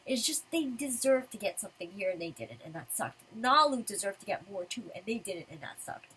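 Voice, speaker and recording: A woman's voice: medium pitch, animated, brisk, fairly bright tone, husky, rough recording. A woman talking casually while reading through a manga chapter, chatty and full of fillers. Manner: chatty, filler-heavy fan talk. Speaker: manga reviewer.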